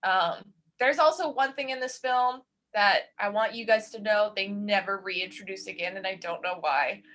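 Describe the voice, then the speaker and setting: A woman co-hosting a casual horror-film chat, talking in a chatty, animated way and laughing often. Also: medium pitch, normal speed. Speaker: podcast co-host.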